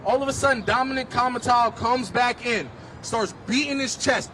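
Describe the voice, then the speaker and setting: A man's voice: very high-pitched, fairly quick, bright, forceful tone, a little hiss or hum. A man speaking at a street march, telling his own story in vivid, impassioned testimony. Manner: vivid storytelling, rising to emphatic pleas. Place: outdoors on a city street.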